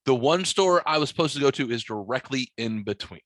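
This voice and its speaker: In casual chat, a male podcast host spins a rambling story, swearing heavily and performing every line of dialogue. His mid-pitched voice is dry with almost no room sound, lively in intonation, a little fast, and fairly bright.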